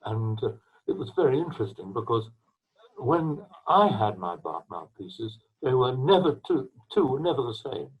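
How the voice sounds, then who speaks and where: An older English man with a husky voice, answering interview questions over a video call from home in a rambling, anecdotal way. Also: mid-range voice, big pitch swings, moderate pace, narrow, tinny audio. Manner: rambling, anecdotal, with restarts and coughs. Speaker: trombonist and mouthpiece maker, interviewee. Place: his home.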